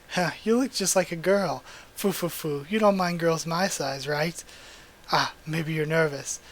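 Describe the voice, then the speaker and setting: Brash, pushy succubus girls chatter away in loose slang, stuffed with filler words, as a manga reader reads their lines. The voice stays at a middle pitch. There is barely any change from the reader's everyday delivery. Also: close to an everyday voice.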